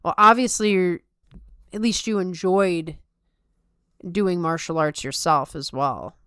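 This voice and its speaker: Casting: young woman podcaster, rambling and self-mocking, Valley Girl lilt, smooth voice on a dry mic. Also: lowish voice, takes it slowly, fairly bright tone, no echo. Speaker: podcast host. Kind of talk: casual chat.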